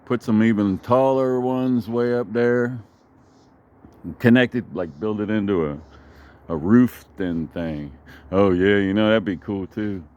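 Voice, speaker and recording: A man's voice: on the low side, a little slow, darkish tone, muffled recording. A man rambling through a profane, digressive story in a casual vlog, recorded outdoors in his backyard.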